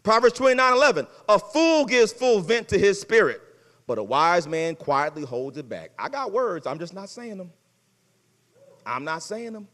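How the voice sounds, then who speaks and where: A man delivers a sermon in a casual, folksy way, his high voice leaping across a wide range. The sound is bright and forceful. A long hall reverb trails every phrase. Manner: animated preaching, swings from loud to hushed. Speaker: pastor. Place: church sanctuary.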